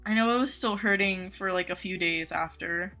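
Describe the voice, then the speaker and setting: A woman's voice: mid-range voice, normal speed, bright, forceful tone, faint music behind. A young woman live-streaming a game, chatting casually with viewers, greeting them by name and gushing over cute things.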